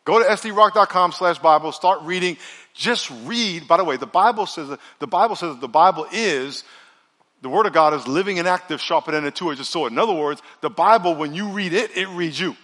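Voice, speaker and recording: Bright, high-voiced man preaching. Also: fairly quick. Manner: energetic, joking, leads call-and-response. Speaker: pastor. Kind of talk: sermon. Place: large church auditorium. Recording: long reverb of a large church hall.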